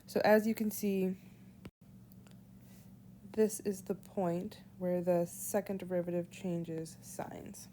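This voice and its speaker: Slow, mellow woman teaching math. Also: on the low side, level tone, slight background noise. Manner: slow, deliberate, walks through steps aloud. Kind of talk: whiteboard lesson explaining calculus.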